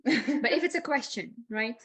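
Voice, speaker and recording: Chatty woman English teacher, high voice. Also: moderate pace, husky, dry recording. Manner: chatty, laughs often, many "like" fillers. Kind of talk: online webinar lecture.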